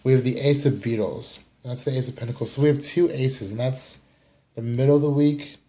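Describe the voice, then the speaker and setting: Speaking briskly at a medium pitch, a tired young American tarot reader gives his casual weekly reading on a camera mic. He rambles, drops fillers, yawns, and apologizes for the yawns.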